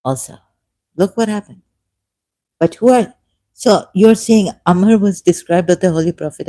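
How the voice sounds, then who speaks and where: A man giving an emotional solo commentary, swinging between loud outbursts and quiet asides. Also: a little high, normal speed, no room sound. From Shia Muslim background. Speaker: ex-Muslim commentator.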